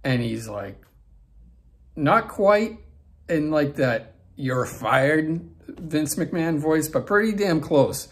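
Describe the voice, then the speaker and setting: A man's voice: fairly high pitch, lively intonation, slow pace. A man in his forties hosting his own vlog, telling a backstage story in a rambling way with many fillers and restarts. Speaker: vlog host. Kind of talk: casual storytelling.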